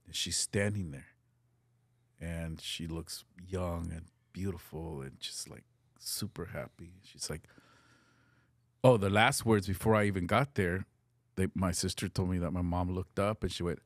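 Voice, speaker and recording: Deep gravelly man telling a story. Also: measured pace, dry recording, studio quality. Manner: earnest storyteller, mixes Spanish phrases, swears casually. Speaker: podcast guest. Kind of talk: storytelling in casual chat.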